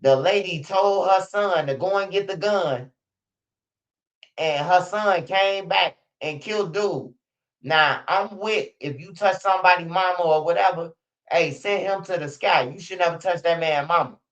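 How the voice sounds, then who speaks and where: A man on a live stream, telling stories and commenting in a profane, animated way. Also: sits high, unhurried. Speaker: streamer commenting on street news. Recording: dull lo-fi stream audio.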